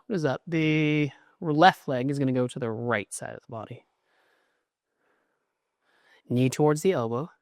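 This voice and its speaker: A man's voice: mid-range voice, no echo. Man guiding a yoga class, dry sound. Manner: encouraging, cueing poses with short instructions and laughing asides. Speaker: yoga teacher.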